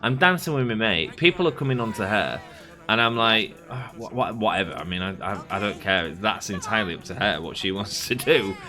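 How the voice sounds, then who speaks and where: A man's voice: on the low side, animated, fairly quick, pushed and bright. A man in his thirties, a gaming channel host, rambling through chatty anecdotes while playing, slightly sick. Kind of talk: casual let's play commentary.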